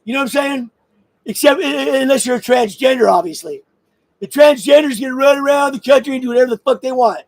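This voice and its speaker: Angry vlogger, very high male voice, crude and loud, dry close sound. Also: brisk, gravelly, no echo, poor audio. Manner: angry, crude, bursts of shouting and laughter. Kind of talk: profane political rant to camera.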